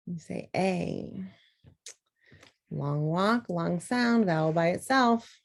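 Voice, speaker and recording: Slow lowish woman teaching phonics, sounds out words patiently. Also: creaky. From Southern US.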